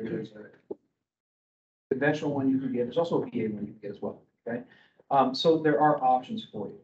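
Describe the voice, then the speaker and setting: Middle-aged guy explaining home loans to a room, rambly, lots of ums, kinda dull recording w/ faint rumble. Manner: rambling with many fillers and restarts, checking in with "okay?"; loud speaking voice. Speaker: mortgage broker. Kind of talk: casual presentation to a group.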